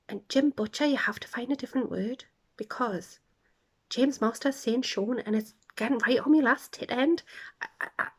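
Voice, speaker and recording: A woman hosting a casual podcast, chatting with laughter and dropping into quiet asides. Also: fairly high pitch, husky. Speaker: podcast host. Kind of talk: casual chat.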